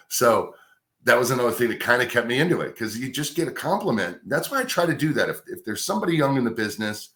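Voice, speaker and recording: A middle-aged man, a radio host, telling a career story in a casual, animated way. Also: mid-range voice, fast talker. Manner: animated anecdote telling with acted-out quotes. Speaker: radio host, podcast guest.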